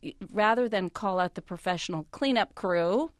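A woman advice columnist, a guest on a radio talk show, giving confident advice in a relaxed way. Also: mid-range voice, normal speed, no echo, clean studio sound. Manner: confident, advising, with easy laughter.

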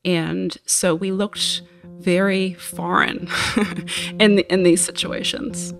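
A woman with a New Zealand accent, a guest explaining her view in a thoughtful, measured way. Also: lowish voice, little pitch movement, creaky, over music. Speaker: guest, wine business co-founder. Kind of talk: reflective interview talk.

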